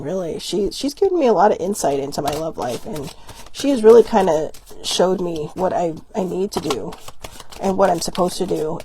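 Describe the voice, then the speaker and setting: Chatty woman host with a mellow voice. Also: on the low side, slight background noise. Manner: rambling, chatty and self-deprecating, with frequent fillers. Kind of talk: casual oracle card reading.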